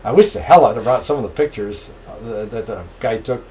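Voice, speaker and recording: A man's voice: on the low side, brisk, a little hiss or hum. An older man, a retired railroad engineer, telling his stories in an interview with plenty of laughter. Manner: lively, laughing, animated storyteller. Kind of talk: storytelling interview.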